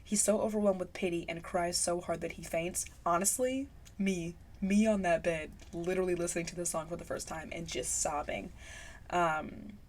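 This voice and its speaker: A woman's voice: on the low side, slightly rough. A young adult woman vlogging in a casual, emotional monologue, gushing and close to tears at times. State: teary.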